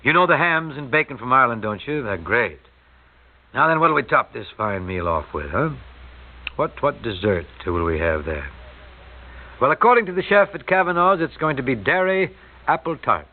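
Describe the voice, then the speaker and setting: Over a tinny old radio broadcast, a male radio host chats in a folksy, joking, conversational style. His voice sits at medium pitch with big swings, at a moderate pace.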